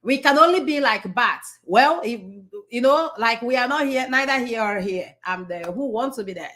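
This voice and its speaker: A middle-aged woman with a Nigerian accent talks to an audience in a loose, conversational way. She circles back to her points, restarts her sentences, and keeps checking in with rhetorical questions. Her voice sits a little higher than most women's. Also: animated, moderate pace, a bit bright. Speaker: speaker addressing an audience. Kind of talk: motivational talk.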